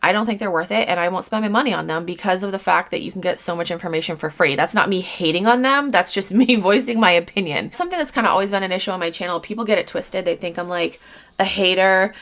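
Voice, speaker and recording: In a casual vlog, a woman in her thirties who works as an online reseller speaks to camera about viewer comments, candid and blunt with casual swearing and laughter between points. She talks fast in a low-ish, fairly bright voice.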